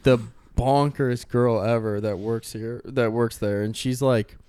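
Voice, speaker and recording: A man's voice: mid-range voice, steady tone, unhurried, darkish tone, clear, resonant tone, no echo. A young man chatting casually, rambling through stories and filling his speech with likes. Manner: rambling storyteller, lots of "like". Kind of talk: casual chat.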